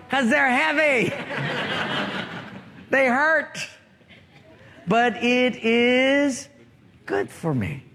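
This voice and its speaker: Male pastor, high and unhurried, sermon in a reverberant church. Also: a bit bright. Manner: storytelling, asks the congregation questions. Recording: long reverb of a large hall.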